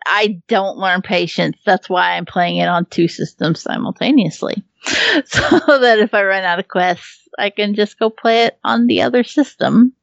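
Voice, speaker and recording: A chatty woman talking about a game she loves, with frequent laughs, casual swearing and plenty of ums. Her voice is at an ordinary middle pitch for a woman. The recording is dull and muffled, and the sound is dry with no room echo. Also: normal speed, creaky. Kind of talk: casual chat.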